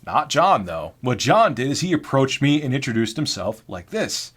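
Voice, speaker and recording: A man's voice: mid-range voice, sing-song, moderate pace, hardly any pauses, fairly bright tone, breathy edge. A man in his forties casually recounting an old job. His delivery is blunt and sarcastic, and he swears now and then without a second thought. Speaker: YouTube host. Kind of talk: casual storytelling.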